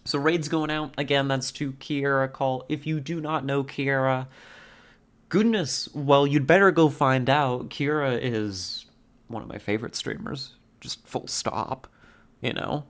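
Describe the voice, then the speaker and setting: Slow, rambling playful male streamer. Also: mid-range voice. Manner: rambling, playful, laughs often. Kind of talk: casual stream sign-off chat.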